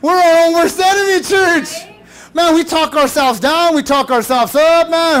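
A male pastor preaching a sermon, animated and casual, with shouted bursts and playful mock voices. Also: very high voice, moderate pace. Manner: casual slangy talk.

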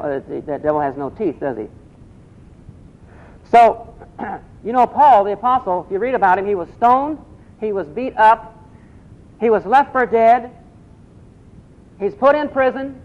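A man's voice: high voice, darkish tone. A man preaching a sermon, asking the congregation questions and repeating key phrases. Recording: dull lo-fi recording.

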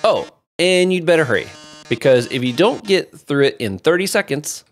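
A man's voice: fairly high pitch, very animated, moderate pace, soft background music. A man voicing a flamboyant male robot TV star, a theatrical villain who melodramatically drawls "darling" at everyone. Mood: gloating.

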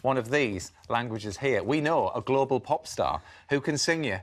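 A man presenting a TV chat show, jovial and quick to laugh as he talks with the guest. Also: medium pitch, animated. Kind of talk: casual chat. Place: TV studio.

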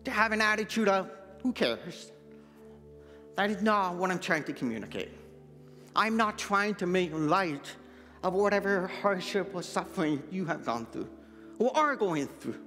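High-voiced man with a deaf accent preaching. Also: lively intonation, normal speed, bright, forceful tone, in a large hall, faint music behind. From Manitoba, Canada. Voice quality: deaf speech, hard-of-hearing accent. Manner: earnest personal testimony. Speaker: pastor. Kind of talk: sermon. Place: church sanctuary.

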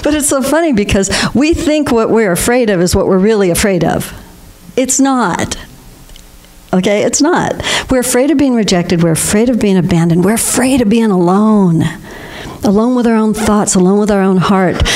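A congregation hears a spiritual talk from an older woman who is their guest speaker. She talks at a normal speed in a mid-range voice, telling stories warmly and laughing frequently.

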